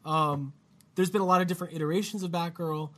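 A man's voice: a little high, fairly even intonation, fast talker, noisy background. A man hosting a casual podcast chat, loose and joking, swearing freely. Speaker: podcast host.

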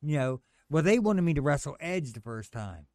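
A man telling stories as a podcast guest, acting out quotes with sudden loud high yelps. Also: very animated, normal speed, dry recording, clean studio sound. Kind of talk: casual storytelling.

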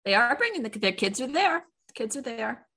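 A woman's voice: a little high, very animated, moderate pace, pushed and bright, slightly rough. A woman co-hosting a podcast, trading teasing, wry banter in casual chat. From American. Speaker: podcast co-host.

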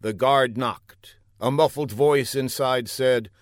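A man narrating a comic adventure story in a deadpan, playful way. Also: mid-range voice, slow pace, no room sound, clean studio sound.

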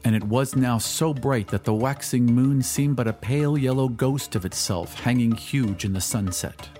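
A man reading a classic story aloud as an audiobook narrator, measured and dramatic. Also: medium pitch, warm tone, soft background music. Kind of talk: scripted narration.

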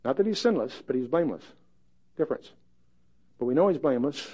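A man's voice: mid-range voice, expressive, quick pace, warm tone, husky. A man teaching a conversational Bible study in a folksy, plain-spoken way with wry asides. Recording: dull lo-fi podcast recording.

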